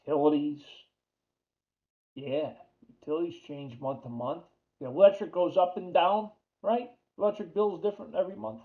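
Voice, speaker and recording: A man's voice: on the high side, normal speed. A man with a New York accent giving a chatty accounting lecture, repeating key terms and putting questions to the class. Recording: dull lo-fi lecture audio.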